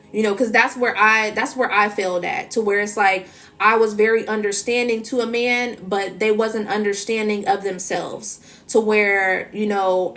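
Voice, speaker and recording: Speaking to her viewers as a spiritual energy reader, a woman with a medium-pitched, slightly bright voice delivers a casual, emphatic monologue. She leans heavily on repeated fillers like "you know" and "so it's like."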